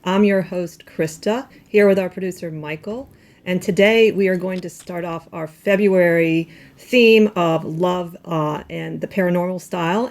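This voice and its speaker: Woman host, lowish voice, easygoing live-show patter. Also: a little mellow. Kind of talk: casual live show hosting.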